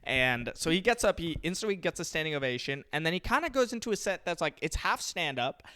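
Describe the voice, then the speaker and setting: Bright-voiced young man telling a story. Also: a little high, fast talker, smooth. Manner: animated storyteller who acts out quotes. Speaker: comedian, podcast co-host. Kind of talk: casual podcast chat, storytelling.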